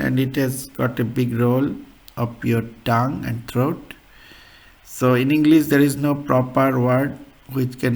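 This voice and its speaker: Male teacher, slow and halting delivery, gravelly edge; repeats words as he explains sounds. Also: mid-range voice. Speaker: language teacher. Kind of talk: beginner language lesson.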